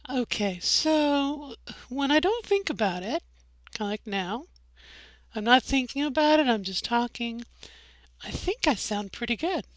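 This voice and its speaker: In her casual video diary, a middle-aged woman walks through her voice training, demonstrating her voice and rambling with frequent self-corrections. Her high voice has lively intonation and an unhurried pace, with no room sound.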